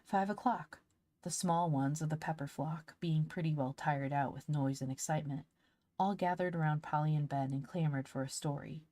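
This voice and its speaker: Casting note: audiobook narrator, woman, low voice, close dry mic. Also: moderate pace, mellow, dry recording. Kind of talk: reading a classic novel aloud.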